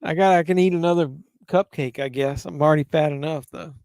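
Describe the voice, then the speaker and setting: A man's voice: a little high, steady tone, fairly quick, a little mellow, dry recording, studio quality. A man hosting a live stream, tipsy from drinking, chatting casually and profanely with viewers while watching a movie. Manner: rambling, profane, answers chat messages.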